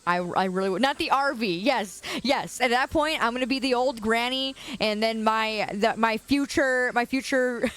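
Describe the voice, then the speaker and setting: Sitting on a quiet suburban curb outdoors, a young Chicago-area woman livestreams and talks casually with her viewers, often laughing as she responds to comments. She speaks a little high, at a normal speed, and barely pauses.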